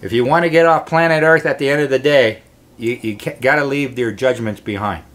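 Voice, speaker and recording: A man's voice: medium pitch, brisk, a bit bright. Earnest rambling man talking to camera. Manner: earnest and rambling, with frequent restarts. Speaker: host. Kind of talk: casual spiritual monologue to camera.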